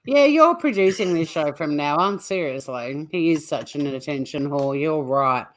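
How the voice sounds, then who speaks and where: A woman, co-hosting a comedy news show and telling stories in a lively, teasing way. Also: low-pitched, normal speed. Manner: animated, teasing storyteller. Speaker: co-host. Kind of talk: casual comedic news chat.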